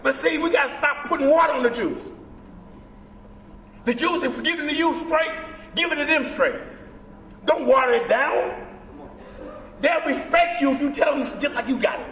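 A man giving an impassioned, preacherly share as a convention speaker, emphatic and at times shouting. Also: extremely high pitch, moderate pace, long pauses, slight background noise. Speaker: guest speaker at a recovery convention. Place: large indoor convention hall. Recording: echoey hall, from far off.

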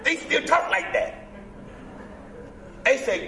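High-pitched, lively man preaching. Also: measured pace, a little hiss or hum. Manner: preacherly, emphatic, with bursts of shouting. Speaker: guest speaker at a recovery convention. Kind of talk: impassioned speaker share. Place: large indoor convention hall. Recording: echoey hall, from far off.

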